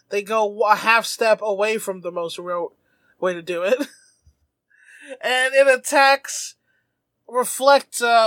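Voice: mid-range voice, a bit bright, no room sound. A podcast host recapping an episode in casual comedic chat, jumping into silly character voices as the story goes.

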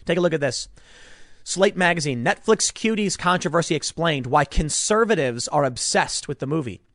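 A man's voice: on the high side, lively intonation, normal speed, a bit bright, no echo, studio quality. A man delivering an indignant political commentary monologue, stumbling over repeated words as he reads out headlines.

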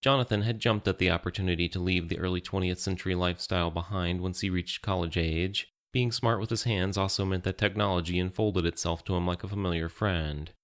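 A man reading an audiobook in steady, measured scripted narration. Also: deep voice.

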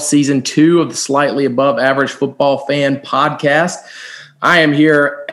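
A man hosting a sports podcast in casual chat, relaxed and conversational. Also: mid-range voice, unhurried. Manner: relaxed, conversational, occasional restarts. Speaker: podcast host.

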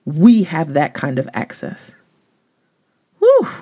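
A woman's voice: animated, measured pace. Emphatic woman host giving a devotional talk. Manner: emphatic, conversational, slangy, with sudden rises in pitch. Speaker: podcast host.

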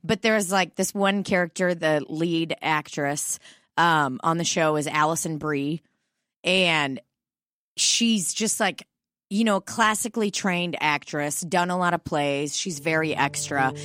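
A woman co-hosting a podcast, chatting casually in an animated, joking and profane way. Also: low-pitched, unhurried, no room sound, clean studio sound. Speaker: podcast co-host. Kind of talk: casual chat.

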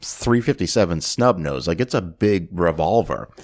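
A man with a very low voice recaps a crime movie scene on a casual podcast. He tells it with animated energy and slips into put-on voices whenever he quotes the characters. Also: normal speed. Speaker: podcast co-host. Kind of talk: casual movie-review chat.

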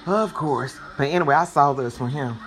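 Chatty animated woman hosting a podcast. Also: low-pitched, normal speed, a little hiss or hum. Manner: animated, chatty, slangy, swings between loud and soft. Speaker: podcast host. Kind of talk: casual commentary monologue.

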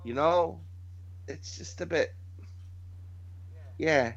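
A man's voice: a little high, extremely slow, muffled recording. A man casually chatting as podcast host, swearing and restarting his sentences. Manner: profane, rambling, hesitant restarts. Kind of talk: casual chat.

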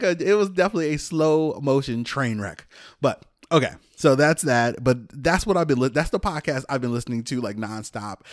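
Brief: man in his thirties, mid-pitched, dry close sound, casual podcast storyteller who rambles and chuckles. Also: dry recording. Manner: rambling, chuckles often, many fillers. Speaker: podcast host.

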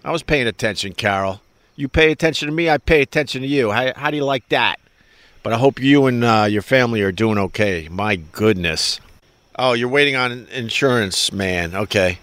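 A middle-aged man talking loosely on a livestream, his voice set at an ordinary pitch for a man. He rambles from one thought to the next, swears freely and pokes fun at himself. He breaks off now and then to greet viewers by name. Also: moderate pace, fairly bright tone, dry recording. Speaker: livestream host reading viewer chat. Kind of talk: casual rambling livestream chat.

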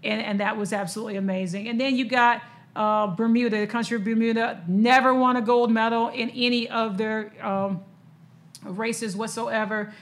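A woman's voice: on the high side, steady tone, normal speed. A woman, chatting casually about sports news, emotional and full of fillers and restarts.

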